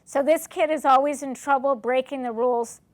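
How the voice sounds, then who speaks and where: A middle-aged woman gives a classroom lecture on family recovery, asking her audience questions and acting out short dialogues. Her voice sits high with a steady tone, and she speaks at a moderate pace.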